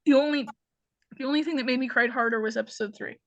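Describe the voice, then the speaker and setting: A woman who is a freelance journalist, talking in a casual review chat in an emotional, expressive way. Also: high-pitched, quick pace, lo-fi sound, over a noisy crowd. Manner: emotional and expressive, laughs often.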